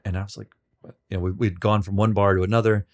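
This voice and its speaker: Low-voiced man telling rambling stories. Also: little pitch movement. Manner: rambling, self-deprecating, halting restarts. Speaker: podcast host being interviewed. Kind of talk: casual storytelling.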